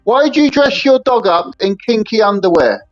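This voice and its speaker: A man's voice: sits high, expressive, moderate pace, dry recording, soft background music. Man taunting with mock-soothing repetition. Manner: taunting, repeats the same question, mock-soothing. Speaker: stream co-host. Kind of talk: heated online argument. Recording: dull lo-fi online stream audio.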